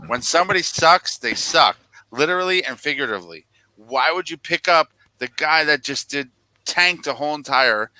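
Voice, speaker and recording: A man's voice: fairly high pitch, lively intonation, moderate pace, pushed and bright, no room sound, low-quality recording. A man co-hosting a casual sports podcast, ranting in mock anger about football teams. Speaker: podcast co-host.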